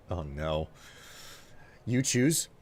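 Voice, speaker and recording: A man's voice: deep voice, very animated, extremely slow, a little mellow. A man streaming live, chatting casually and teasing his viewers while thanking them by name.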